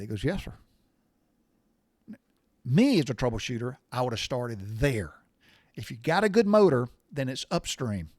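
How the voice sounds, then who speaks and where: A man's voice: medium pitch, a little mellow, dry recording. A middle-aged man telling a story in a casual, blunt, folksy way. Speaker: podcast host.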